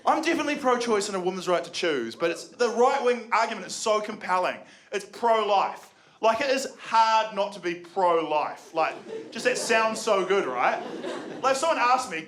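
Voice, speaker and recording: Young New Zealand man, stand-up, high voice, dry and sweary; live room with loud noise and audience. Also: lively intonation, moderate pace. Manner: sardonic, swears freely, laughs at own jokes. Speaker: stand-up comedian. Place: comedy venue before a live audience.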